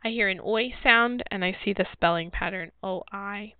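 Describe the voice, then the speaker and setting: A woman teacher explains a phonics sort in slow, clear, patient steps. Her voice comes through narrow and phone-like, with a dry, close sound and no room around it. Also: medium pitch, no echo. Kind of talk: phonics word sort lesson.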